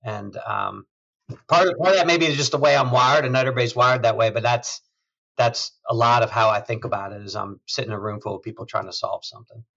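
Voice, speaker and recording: A man, a chief executive, talking in a measured, thoughtful way in a conversational interview, often trailing off softly. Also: mid-range voice, steady tone, creaky, highs cut off. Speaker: hospital system CEO, guest.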